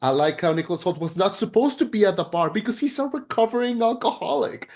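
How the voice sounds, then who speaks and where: A man co-hosting a podcast, chatting casually and excitably about a film, rambling with frequent restarts and casual swearing. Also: high voice, quick pace. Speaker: podcast co-host. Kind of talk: casual film review chat.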